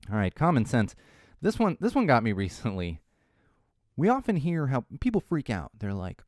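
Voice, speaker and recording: A man hosting his own podcast, talking solo in an animated, ranting way and mocking other people's voices. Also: on the low side, clear, resonant tone, dry recording, clean studio sound. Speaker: podcast host.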